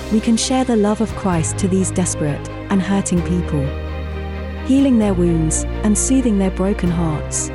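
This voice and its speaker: A woman reads a scripted programme introduction in a calm, sincere voice of middle pitch. Music plays clearly beneath her throughout. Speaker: programme announcer. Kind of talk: scripted announcement. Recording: voice over clear background music.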